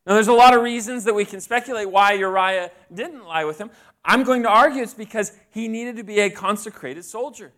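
A man's voice: sits high, fairly quick, fairly bright tone. A man preaching a sermon in a conversational way, often asking the congregation questions. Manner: conversational, asks the audience questions.

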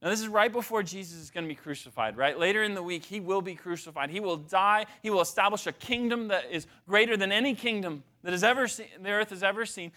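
Bright, high-voiced male preacher. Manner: conversational, emphatic, frequent restarts and asides. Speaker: pastor. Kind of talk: sermon.

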